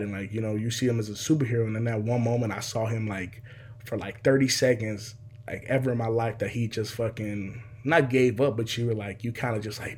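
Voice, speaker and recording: A man's voice: on the low side, a little fast. A young man telling a personal story casually, full of fillers, acting out the scenes. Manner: animated, heavy filler words, acts out scenes.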